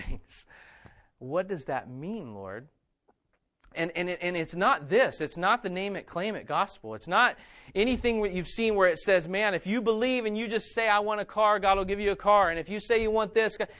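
High-voiced earnest man preaching a sermon. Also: moderate pace, sharp tone. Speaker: pastor.

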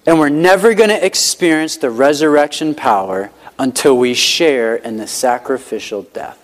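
A male pastor preaching a sermon in a conversational, emphatic way, repeating key lines and often saying "like". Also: fairly high pitch. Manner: conversational, emphatic repetition, frequent "like" fillers. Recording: hall with long reverb.

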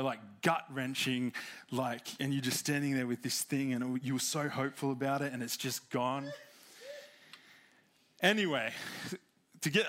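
Young preacher, casual and chatty, pokes fun at himself, mid-range voice. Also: male voice, mid-range voice, fairly bright tone. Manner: chatty, self-deprecating, laughs along. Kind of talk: personal storytelling sermon.

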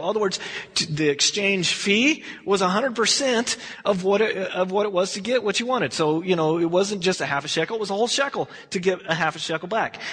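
A man's voice: high-pitched, a bit bright, breathy edge. A man teaching a verse-by-verse Bible study, telling the story in a rambling, conversational way. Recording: long hall reverb.

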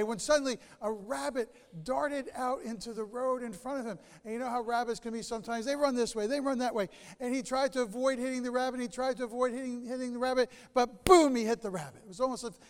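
A male pastor preaching a sermon, telling stories with animated delivery and dramatic pauses. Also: high voice, clear, resonant tone, big-room sound.

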